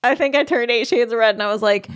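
A woman's voice: fairly high pitch, quick pace, no echo, clean studio sound. A middle-aged woman telling a travel story in casual chat, giggling often as she talks. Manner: giggly, laughs often while telling stories. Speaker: podcast co-host.

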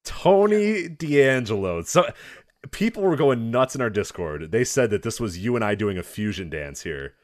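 Lively rambling podcast man. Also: medium pitch, moderate pace, no echo, studio quality. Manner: rambling, laughs often. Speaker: podcast co-host. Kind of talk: casual wrestling chat.

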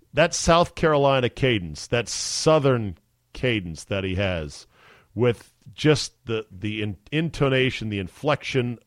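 A man's voice: medium pitch, dry recording. Chatty male podcast host, dry sound. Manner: chatty, easily amused, filler-heavy. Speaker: sports radio podcast host. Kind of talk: casual podcast chat.

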